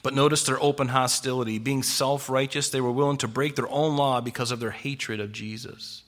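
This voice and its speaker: A man preaching an expository sermon, animated and full of rhetorical questions. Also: medium pitch, fairly quick. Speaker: pastor.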